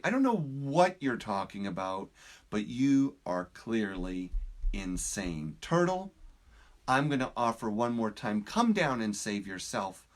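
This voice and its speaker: A man voicing a stubborn, panicky male frog who has lived all his life in a well, in a high, stammering voice. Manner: high, shrill, stammering and excitable. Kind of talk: storytelling.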